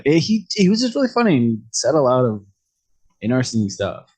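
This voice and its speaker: This man is a guest on a relaxed podcast. He has a mid-pitched voice and talks in an easygoing way, often breaking into a chuckle. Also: moderate pace, husky. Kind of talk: casual podcast chat.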